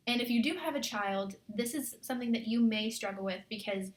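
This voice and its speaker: A woman's voice: a little high, brisk, reverberant. A young woman vlogging about life as a military spouse, talking in a chatty, earnest way full of fillers and giving encouragement. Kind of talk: casual confessional vlog.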